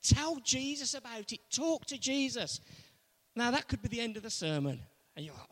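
High-voiced man preaching in a hall. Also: moderate pace, a bit bright. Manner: storytelling, emphatic repetition. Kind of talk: sermon. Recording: long reverb of a large hall.

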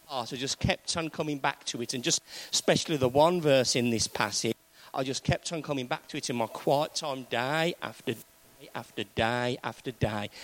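Male preacher, sermon, slow deliberate pace, emphatic, loud peaks and hushed lows. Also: no room sound, low-quality recording. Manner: emphatic, swinging from loud high peaks to low quiet stretches.

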